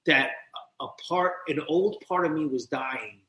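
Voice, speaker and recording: A man, a podcast guest and recovery mentor, telling his personal story in an animated, profane way and acting out the voices of people in it. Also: a little high, measured pace. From New Jersey. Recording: roomy echo.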